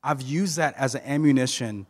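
A man preaching a sermon as a pastor, animated and joking, with many restarts. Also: medium pitch, normal speed, in a large hall. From Southern United States. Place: church sanctuary.

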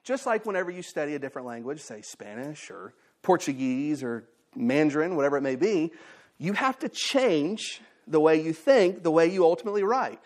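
High-voiced man preaching a casual sermon. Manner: conversational, playful teaching with quoted slang. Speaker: pastor.

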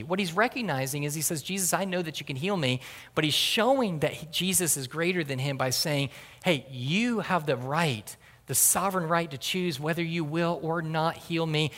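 Middle-aged pastor preaching in a reverberant hall. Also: male voice, a little high, fairly bright tone. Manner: earnest, rising to emphatic peaks, with repeated restarts. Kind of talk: sermon.

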